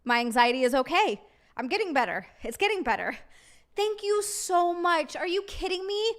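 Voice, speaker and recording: A woman live streamer chatting casually with her viewers, excitable and giggly, and thanking them by name. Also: very high-pitched, normal speed.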